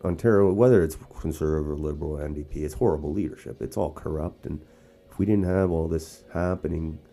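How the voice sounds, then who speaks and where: A man's voice: rumbling low, brisk, vocal fry, warm tone, faint music behind. A man from Canada hosting casual political commentary, rambling with frequent restarts and asides. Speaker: host. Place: outdoors or casual setting in Sarnia.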